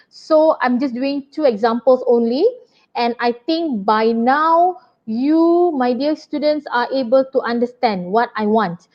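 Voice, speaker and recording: High-voiced woman teaching online. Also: highs cut off. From Malaysia. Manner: brisk, chatty and apologetic, addressing pupils warmly. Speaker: English teacher. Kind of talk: online workshop lesson.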